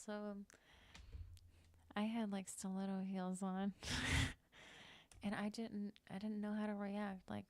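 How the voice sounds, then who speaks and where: A woman's voice: medium pitch, vocal fry, darkish tone, no room sound. A young woman telling a long personal story on a live stream, candid and rambling, swearing freely, with lots of fillers. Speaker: livestreamer.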